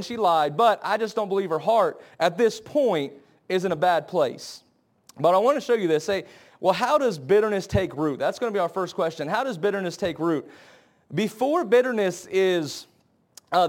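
A young man preaching a sermon in an earnest, conversational way, acting out scenes with quoted voices. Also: high-pitched. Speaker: pastor.

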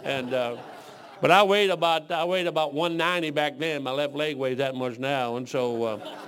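Joking older preacher from Detroit. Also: male voice, fairly high pitch, normal speed, a bit bright. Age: 60s. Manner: joking, rambling storyteller. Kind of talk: folksy sermon with stories.

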